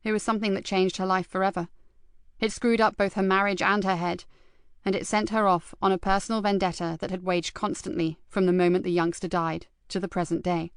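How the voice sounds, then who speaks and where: A woman narrating an audiobook in a measured, even storytelling manner. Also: mid-range voice, clean tone, no room sound, clean studio sound. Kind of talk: scripted narration.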